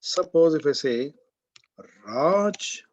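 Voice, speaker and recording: The audio is muffled and lo-fi as this lecturer, speaking Indian-accented English, teaches college grammar, repeating key terms and putting questions to the class. His pitch is fairly high, his intonation lively, and he draws out his words.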